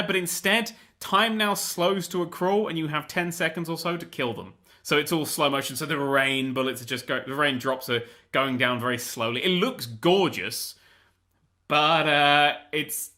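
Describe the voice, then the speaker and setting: A young man hosting a gaming show, ranting in a casual, animated, sweary, exasperated way. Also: fairly high pitch. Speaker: gaming host. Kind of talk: casual rant about a video game.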